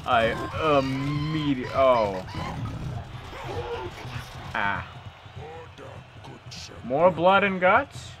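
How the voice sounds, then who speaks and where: A man's voice: medium pitch, very animated, extremely slow, pauses often, over loud music. A man giving playful gameplay commentary as a streamer, joking and talking back to the game characters. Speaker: let's play streamer.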